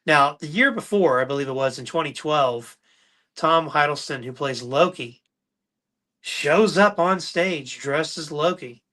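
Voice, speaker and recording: A man hosting a casual livestream talk show, telling stories with lively, acted-out quotes. His voice sits a little high and sounds bright and forceful. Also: measured pace. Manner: animated anecdotal storyteller, acts out quotes. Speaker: podcast host.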